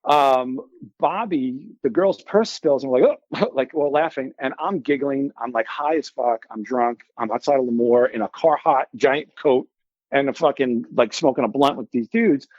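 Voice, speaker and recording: Brief: forties male guest, rambling animated storyteller, slightly muffled dry recording. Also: medium pitch, moderate pace, dry recording. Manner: animated, rambling, with many filler likes and restarts. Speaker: guest musician. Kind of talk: casual storytelling.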